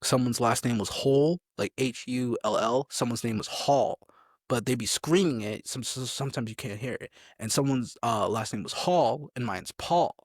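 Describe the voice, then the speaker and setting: A man's voice: medium pitch, moderate pace, no echo, studio quality. A young man, a soldier, telling army stories in a rambling, casual way as an interview guest. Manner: rambling, gets sidetracked, acts out drill sergeants.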